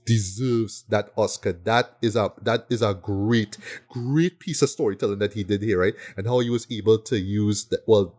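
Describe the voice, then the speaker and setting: A man's voice: medium pitch, a little mellow. A man co-hosting a podcast, chatting casually and keenly about films and tagging his points with "right?". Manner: enthusiastic, peppers talk with "right?". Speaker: podcast co-host. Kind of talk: casual film review chat.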